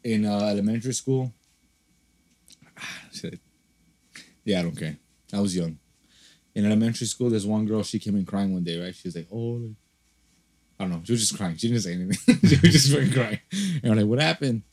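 A man's voice: lowish voice, brisk, long pauses, a little mellow. Rambling, swearing young-sounding man. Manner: rambling storyteller, heavy swearing and fillers. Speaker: podcast co-host. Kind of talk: casual chat.

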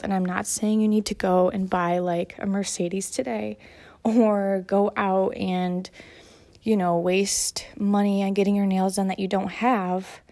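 A young mother shares self-care advice in a casual monologue while folding laundry, sounding slightly out of breath. Her voice is mid-range with a dark tone, and she's chatty and encouraging, using lots of fillers.

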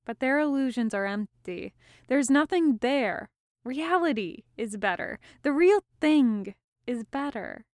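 An earnest, haunted young mage who speaks slowly and reflectively, as a woman reads him aloud. His voice is smooth and slightly high, and the recording is close and dry. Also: animated, a little mellow, dry recording. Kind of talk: fan audiobook reading.

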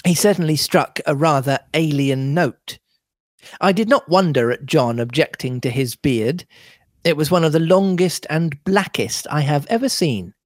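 A podcast co-host reads a classic novel aloud with a lively, animated delivery, breaking off to laugh and banter. The sound is dry and close to the mic. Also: mid-range voice, no echo. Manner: lively, laughs often between passages.

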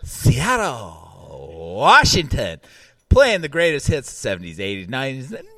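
Man doing a bright, swooping old-school radio DJ, plenty of showy flair. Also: medium pitch, huge pitch swings, measured pace, dry recording, distant mic, exaggerated voice. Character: cheesy male radio DJ. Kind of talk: podcast chat.

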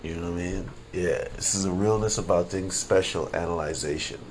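A man's voice: sits low, steady tone, fairly quick, noisy background. A man hosting a casual solo podcast, rambling and repeating himself, slangy and conversational, chuckling at his own asides. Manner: rambling, repeats phrases, laughs at own jokes. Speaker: podcast host.

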